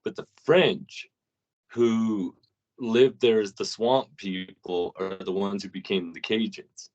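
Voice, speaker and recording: A man's voice: on the low side, fairly even intonation, slow, a little mellow. A man co-hosting a casual podcast, telling stories in a loose way with plenty of swearing. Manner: loose, profane storytelling. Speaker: podcast co-host. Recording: dull lo-fi audio.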